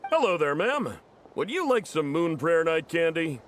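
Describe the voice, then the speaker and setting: A man's voice: fairly high pitch, very animated, moderate pace. A man voicing a friendly young candy seller with a breezy, chatty salesman manner.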